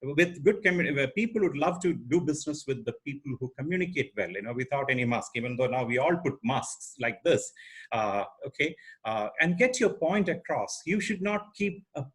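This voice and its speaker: Emphatic man, husky lively voice. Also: medium pitch, normal speed. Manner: emphatic, asks the audience rhetorical questions. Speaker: corporate trainer. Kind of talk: online training lecture.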